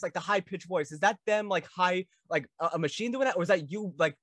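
A man's voice: high voice, fairly quick, a bit bright, dry recording. A young man hosting a video call interview, asking rambling, eager questions full of fillers. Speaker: host.

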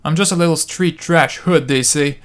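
A man's voice: on the high side, normal speed, clean tone, natural voice. A man reading a sneering young street thug assassin's lines in a slangy, taunting way. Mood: menacing.

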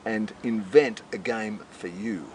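A man's voice: on the low side, slow pace, darkish tone, slight background noise. A middle-aged man being interviewed, rambling in a boisterous, swaggering and profane way. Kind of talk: rambling casual interview talk.

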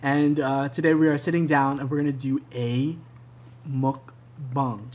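A man's voice: a little high, steady tone, fairly quick, a little mellow. Giggly young man hosting a vlog. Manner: giggly, laughs between phrases. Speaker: vlog host. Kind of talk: casual chat.

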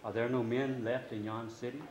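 A man's voice: mid-range voice, flat delivery, moderate pace, a little mellow, roomy sound, a little hiss or hum, lightly acted, low-quality recording. A man voicing a brave, noble young knight in a storybook, declaiming sternly in a raised voice.

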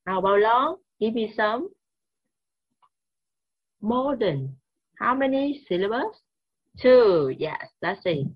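A woman with a Vietnamese accent teaching English grammar slowly and repeating key words. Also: on the high side, expressive, husky, dull audio. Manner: slow, repetitive, mixes languages. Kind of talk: classroom grammar lesson.

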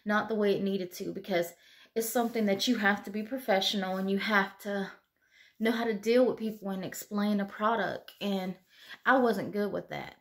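A woman's voice: mid-range voice, moderate pace. A young adult woman talking candidly to camera late at night, tearful and sighing, rambling with many "you know"s. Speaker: vlogger.

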